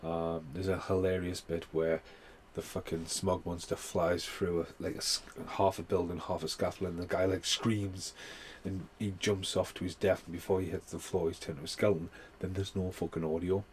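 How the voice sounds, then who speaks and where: A movie reviewer with a low, level, darkish voice talks at a moderate pace in a rambling, casual film review. He swears heavily and fills his speech with fillers, over a faint hiss or hum.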